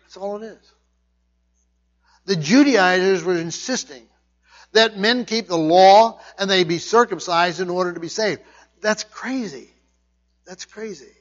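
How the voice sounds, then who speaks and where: A man's voice: sits high, lo-fi sound. A man preaching a conversational sermon, repeating his points with emphasis. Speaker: pastor.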